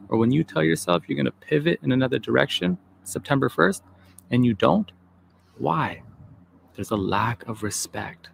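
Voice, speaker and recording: Man, gravelly motivational speaker, punchy, direct, faint background noise. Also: medium pitch. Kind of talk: motivational speech clip.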